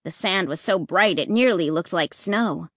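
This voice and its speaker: A woman narrating a children's story in an expressive, measured way. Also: fairly low pitch, dry recording, clean studio sound.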